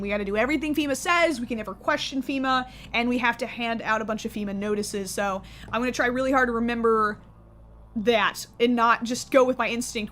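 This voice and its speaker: A woman's voice: on the high side, a bit bright. A young woman streaming a game, chatting casually, joking and correcting herself as she goes. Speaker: gaming streamer. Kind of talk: casual let's-play commentary.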